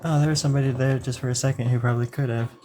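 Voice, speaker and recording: A man's voice: medium pitch, fairly even intonation, rapid-fire, warm tone, a little hiss or hum. A man chatting casually on a live stream while he draws, rambling and joking and laughing often. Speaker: live-streaming drawing host.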